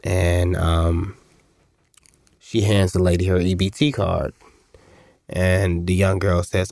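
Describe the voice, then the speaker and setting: A man, a musician guest telling a story in a lively, animated way and acting out other people's voices. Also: low voice, slow, gravelly, long pauses, no room sound, clean studio sound. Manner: animated, acts out voices in stories. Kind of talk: conversational storytelling.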